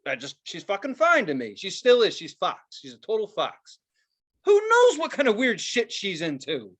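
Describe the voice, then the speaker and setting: A man co-hosting a podcast in casual chat, ranting in an animated, profane way. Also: high voice, normal speed. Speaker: podcast co-host.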